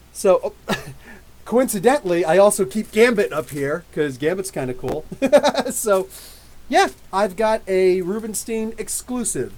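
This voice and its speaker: A man hosting a live podcast, telling an excited story with quoted dialogue in a casual, animated way. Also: sits high, low-quality recording. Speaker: podcast host.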